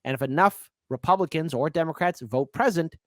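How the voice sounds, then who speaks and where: A man's voice: on the high side, brisk, dry recording, studio quality. A man hosting a casual political commentary show, rambling and emphatic, repeating points. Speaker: host.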